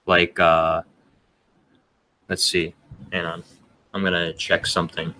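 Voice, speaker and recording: A young man with a low voice and a bright, forceful edge hosts a casual podcast chat. He rambles and fills his talk with "uh" and "like". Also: completely flat delivery, takes it slowly, dry recording. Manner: rambling, full of filler words. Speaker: podcast host.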